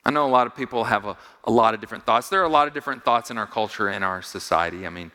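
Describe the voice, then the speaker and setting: A male pastor preaching in a big hall with a long ringing reverb. His voice sits fairly low but sounds bright and forceful. He moves from hushed asides to loud, soaring appeals, repeating lines and asking the congregation questions. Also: rapid-fire. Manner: builds from quiet, low asides to loud, high-pitched exhortation; repeats phrases for emphasis, asks the congregation questions. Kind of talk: sermon.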